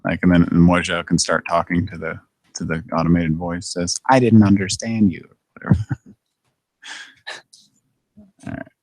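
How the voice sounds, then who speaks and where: Low-voiced man, relaxed host. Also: fairly quick, no echo. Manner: relaxed, laughs easily, trails off. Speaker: show host. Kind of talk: casual chat.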